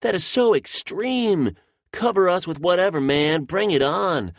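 A shrill hoodlum potato dude. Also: male voice, animated, measured pace, no room sound, studio quality. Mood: rowdy. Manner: whiny, surfer-style slang. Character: rowdy young male hoodlum potato.

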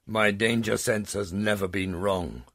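A man's voice: on the low side, steady tone, measured pace, fairly bright tone, no room sound, clean studio sound, voice pushed up. Thegosia, a man doing a fierce mother dragon. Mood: defiant. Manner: defiant, fierce. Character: fierce female dragon warrior, protective mother. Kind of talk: audiobook character voice.

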